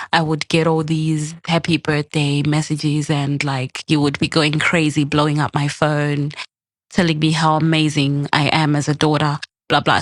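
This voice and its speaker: With a deep voice and no room sound, a young adult woman tells a personal story as a podcast guest. The chat is casual, and she animatedly performs the quoted dialogue.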